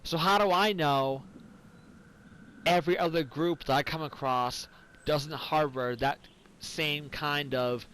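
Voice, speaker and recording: A man's voice: a little high, steady tone, slow pace, fairly bright tone, slight background noise, low-quality recording. A tipsy man, rambling and swearing through casual game commentary after some whiskey. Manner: rambling and profane. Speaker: gaming commentator.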